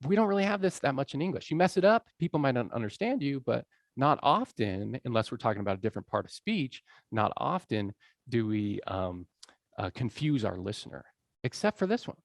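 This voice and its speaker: A man lecturing to a room, his voice swinging up and down as he quizzes the audience and laughs along with them. There is a gravelly edge to his speech, and the sound is dry and close, with little room echo. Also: medium pitch, sing-song, a little fast. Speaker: college lecturer on language learning. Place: lecture hall.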